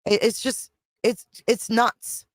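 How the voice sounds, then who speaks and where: Slow and level in tone, with a slightly high voice, this middle-aged livestream host rambles through a casual chat, frustrated, swearing and going over the same points. The sound is clean studio quality without echo.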